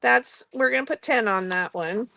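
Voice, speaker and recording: A woman's voice: fairly high pitch, moderate pace, creaky, pushed and bright, dry recording. A woman hosting a live craft-supply sale in a shop, chatty and often laughing, trailing off and restarting as she goes. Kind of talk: casual live sale chat. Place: indoor shop with construction noise nearby.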